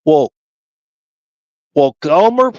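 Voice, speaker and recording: A man putting on a gruff, blustering male Marine drill sergeant who keeps calling people pal. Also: on the high side, very animated, very slow, no echo, dull audio, heavily acted. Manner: blustery, barking, condescending "pal".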